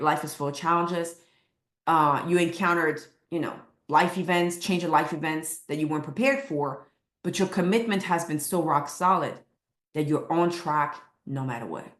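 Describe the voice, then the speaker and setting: Emphatic woman coach with a low voice. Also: echoey room. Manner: emphatic, repeats lines for effect. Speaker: weight loss coach. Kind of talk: motivational talk to camera.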